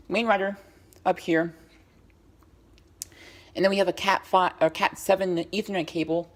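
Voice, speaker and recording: A woman with a fairly low voice walks through her house with a handheld camera, hosting a casual tech vlog. She talks around a lozenge, so her words come out a little thick, and she rambles along with plenty of ums and false starts. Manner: rambling, hesitant, with many ums and restarts. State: talking with a lozenge in the mouth. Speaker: tech vlogger. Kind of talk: casual home tour vlog. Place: in a house, walking between rooms.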